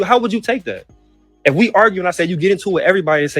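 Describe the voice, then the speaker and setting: Speaking very fast in a high-pitched, somewhat bright voice with a breathy edge, this man rails against his mother, cursing and repeating himself. He's the brother in a family feud clip, and faint music runs underneath. The intonation is lively and there's no room sound.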